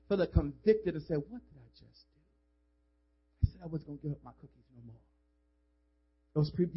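A male pastor preaching with fervor, his voice pitched high and husky. He swings between shouting and hushed asides. The sound is dull and lo-fi. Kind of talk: sermon. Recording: dull lo-fi recording.

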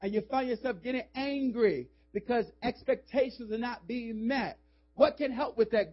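A man's voice: very high voice, normal speed. A male pastor preaching a sermon in a church, urging the congregation with emphatic calls and slipping into casual, joking asides. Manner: emphatic, call-and-response urging. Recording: dull lo-fi sermon audio.

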